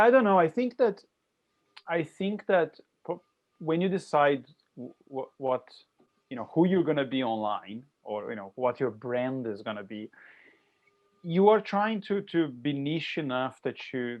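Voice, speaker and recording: A man's voice: mid-range voice, animated, muffled recording. A man appearing as a podcast guest, reasoning carefully and restarting his sentences as he thinks. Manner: measured, reasoning step by step with restarts. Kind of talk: casual chat.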